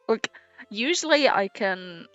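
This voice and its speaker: A woman's voice: medium pitch, fairly bright tone, no room sound. A young British woman streaming a puzzle game, chatting casually, swearing freely and laughing along with her chat. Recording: slightly dull sound with faint game music.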